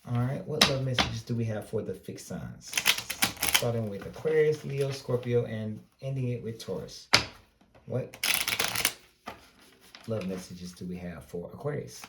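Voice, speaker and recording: A man's voice: mid-range voice, unhurried, pauses often, roomy sound, heavy background noise. A man from North Carolina with a Southern accent, giving a casual, rambling tarot reading with plenty of advice. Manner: relaxed, rambling, advice-giving with self-corrections. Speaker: tarot reader.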